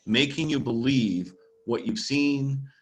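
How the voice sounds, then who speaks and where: A man's voice: mid-range voice, takes it slowly, rough recording. Man casually teaching about a book. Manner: informal, explains as he goes, with fillers. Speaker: church teacher.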